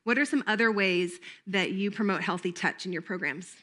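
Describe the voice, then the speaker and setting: A woman's voice: mid-range voice, moderate pace, fairly bright tone. A middle-aged woman giving a playful camp training talk to volunteers, laughing often and breaking into made-up jingles.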